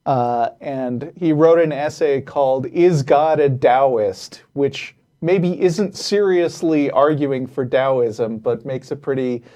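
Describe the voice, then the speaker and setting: A man co-hosting a call-in show with an ordinary mid-range voice. He talks in a dry, wry way, chuckling now and then and pausing to hunt for a name or a word. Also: mid-range voice, warm tone. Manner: wry, chuckling, searches for words. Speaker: co-host. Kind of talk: casual call-in discussion.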